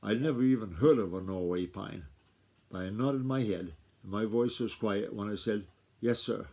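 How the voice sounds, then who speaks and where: A father reading a novel aloud to his child at home, steady and unhurried. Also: on the low side.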